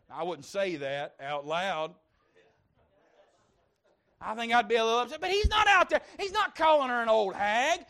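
A man preaching a sermon, moving between loud fervent stretches and soft hushed asides. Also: very high-pitched, lively intonation, moderate pace. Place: church service.

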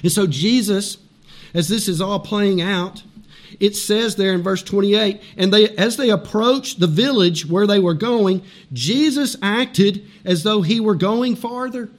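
A pastor with a high, bright voice delivers a sermon at a slightly slow pace. He speaks animatedly and laughs at his own points, then sinks into a hushed intensity, repeating phrases to drive them home.

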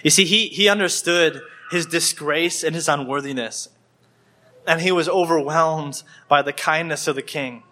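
A man preaches a sermon in church, his voice bright and forceful and sitting a little high. He acts out the scenes as he tells them, shifting his voice slightly and often repeating words as he goes. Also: normal speed. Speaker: pastor.

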